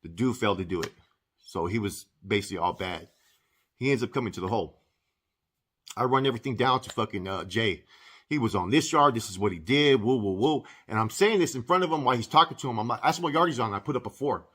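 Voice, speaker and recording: Husky-voiced man, blunt and profane, casual storyteller. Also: on the low side, expressive, quick pace, fairly bright tone. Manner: profane, blunt street talk. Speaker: former inmate telling his story.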